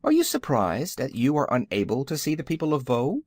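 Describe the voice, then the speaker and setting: Man playing a soft-voiced invisible woman, gentle, dry sound. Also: mid-range voice, huge pitch swings, fairly quick, dry recording. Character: soft-spoken, invisible woman, mother of the house.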